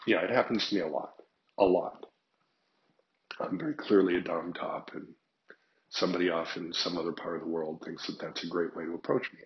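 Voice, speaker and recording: In a casual monologue, an older man tells frank stories with animation, acting out both sides of each conversation. He has a deep voice and a brisk delivery, captured on dull audio.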